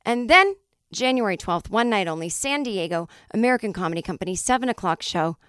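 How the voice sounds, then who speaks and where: Cranky, animated woman podcast host. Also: medium pitch, a little fast, smooth, no room sound, clean studio sound. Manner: cranky, animated, swears freely while plugging shows. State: voice not fully recovered. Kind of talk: solo podcast monologue.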